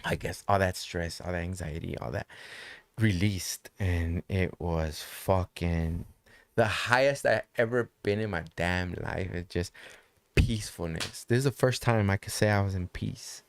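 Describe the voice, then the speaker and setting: A man's voice: sits low, a little slow, vocal fry, no echo. A man telling a personal story in casual conversation, loose and profane, repeating phrases for emphasis.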